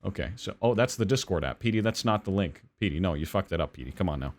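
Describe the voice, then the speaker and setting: A man's voice: low-pitched, lively intonation, fast. A man hosting a live-streamed podcast, chatting casually, rambling and swearing. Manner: rambling, swears, self-deprecating. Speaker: podcast host.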